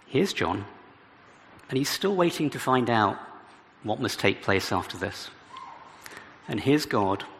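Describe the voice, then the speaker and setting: A man's voice: on the low side, vocal fry, fairly bright tone. A man preaching an expository sermon, reading scripture aloud and adding dramatic emphasis as he explains it. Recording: reverberant hall with faint background noise.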